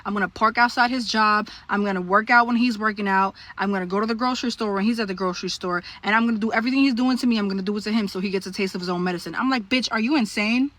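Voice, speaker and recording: A woman telling a story to camera in a blunt, profane, animated way. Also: medium pitch, very fast, hardly any pauses.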